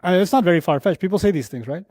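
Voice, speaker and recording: A man giving an Islamic lecture on Quran verses, telling an animated story, repeating phrases for emphasis and reciting Arabic verses quickly. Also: high voice, no echo, clean studio sound.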